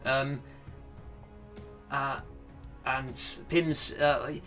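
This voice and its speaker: Guy dm-ing slowly, lots of ums, bright voice, faint music behind. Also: medium pitch, steady tone. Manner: halting, many fillers. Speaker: game master. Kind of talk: narrating a tabletop game.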